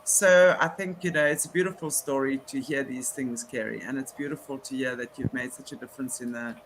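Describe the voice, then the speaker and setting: A woman's voice: extremely low pitch, fairly even intonation, brisk, low-quality recording. A woman hosting an interview, speaking in an earnest, affirming way. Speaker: host. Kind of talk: interview conversation.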